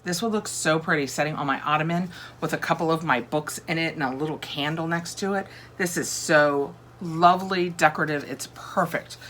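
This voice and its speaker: A woman's voice: low voice, fairly bright tone, slight background noise. A woman chatting casually through a home decor unboxing, thinking aloud and gushing over each item. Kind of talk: casual chat.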